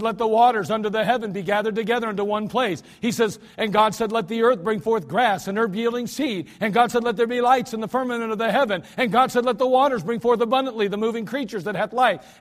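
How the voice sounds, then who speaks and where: A high-voiced man preaching a sermon in a church sanctuary. He keeps a conversational tone, sinks to near-quiet lines, then bursts into shouts to make a point. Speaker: pastor.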